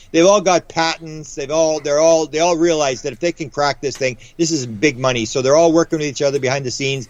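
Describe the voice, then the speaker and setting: A man as guest author in a casual interview, rambling with quick restarts and acting out the voices he quotes. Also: fairly high pitch, fairly even intonation, no room sound. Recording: dull lo-fi audio.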